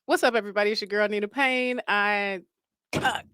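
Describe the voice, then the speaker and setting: A woman's voice: mid-range voice, steady tone, a little fast, pushed and bright, clear, resonant tone, dry recording. A woman hosting a podcast, recording casual promo takes and laughing at her own flubs. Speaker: podcast host and event business founder.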